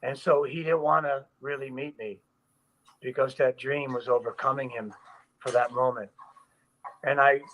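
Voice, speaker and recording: A stuntman telling a story in an interview, animated and loose, acting out quoted voices with frequent fillers. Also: medium pitch, dull audio. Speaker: stuntman, guest.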